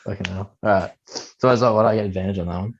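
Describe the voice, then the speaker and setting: A man's voice: on the low side, steady tone, racing. A man playing a tabletop game, who eagerly checks the rules as he goes. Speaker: player. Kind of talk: casual tabletop game chat. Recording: dull lo-fi audio.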